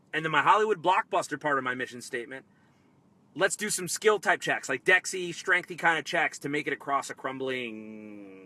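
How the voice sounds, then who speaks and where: A man hosting a live tabletop-game advice stream, energetic and excitable, swinging between loud bursts and quiet asides. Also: fairly high pitch. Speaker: host.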